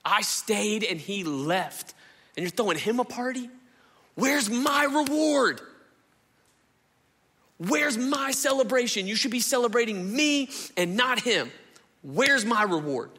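A pastor acting out a bitter, ranting older brother. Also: male voice, on the high side, fairly even intonation, normal speed, long reverb tail, natural voice. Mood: indignant. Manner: ranting, rising to shouts. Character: resentful older brother, young man, bitter and indignant.

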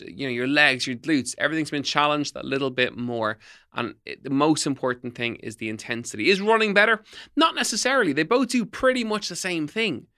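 Middle-aged male podcast host, bright voice, emphatic coaching delivery. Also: medium pitch. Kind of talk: solo podcast talk, tips.

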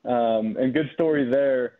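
A man in his twenties, a former pitcher, telling stories in a relaxed way with plenty of fillers. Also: unhurried. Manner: relaxed storytelling, frequent fillers. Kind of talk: casual phone interview. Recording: tinny phone line.

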